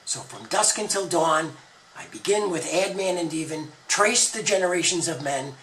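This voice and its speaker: A man's voice: a little high, moderate pace, fairly bright tone, recorded from a distance, slight background noise, low-quality recording. A man retelling an ancient story as a monologue, with playful wordplay. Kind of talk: retold scripture as a spoken monologue.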